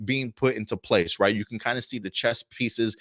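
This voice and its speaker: Male host, low-ish voice, casual and excited, loose rambling delivery, dry recording. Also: normal speed, dry recording. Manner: enthusiastic, rambling, with many restarts. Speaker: show host reviewing TV episodes. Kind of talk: casual review talk.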